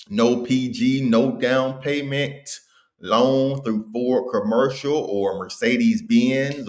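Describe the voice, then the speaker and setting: A man hosting a casual livestream, talking in slang and reading viewer comments aloud. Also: medium pitch. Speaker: livestream host.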